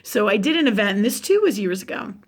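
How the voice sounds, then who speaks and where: A woman's voice: medium pitch, fast talker. A woman hosting a live spiritual talk, telling stories to her viewers with frequent fillers, restarts and casual swearing. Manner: animated storytelling, swears freely, many fillers and restarts.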